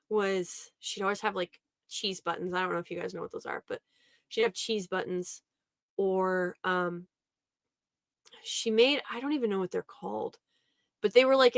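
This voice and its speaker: Young woman rambling through an old family story, bright voice, dry close mic. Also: medium pitch, dry recording. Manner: chatty and rambling, laughs often. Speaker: podcast host. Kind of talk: casual storytelling.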